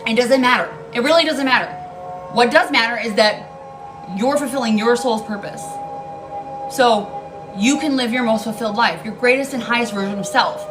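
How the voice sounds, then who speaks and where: Over background music and poor audio, a woman tarot card reader speaks at a normal pace in a fairly high voice. Her casual reading is blunt and emphatic, with free swearing and key lines repeated for emphasis.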